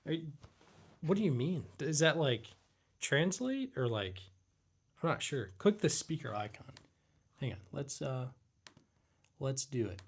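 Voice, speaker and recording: A young man hosts a casual livestream Q&A, drifting between chat messages in a relaxed, rambling way. His voice sits at an ordinary middle pitch, and he fills gaps with easygoing fillers. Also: measured pace, pauses often, husky. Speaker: livestream host.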